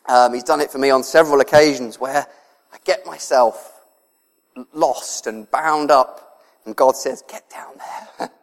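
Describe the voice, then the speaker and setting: A man's voice: medium pitch, unhurried. A man preaching a sermon to his congregation, talking conversationally, often chuckling and moved close to tears. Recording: long hall reverb.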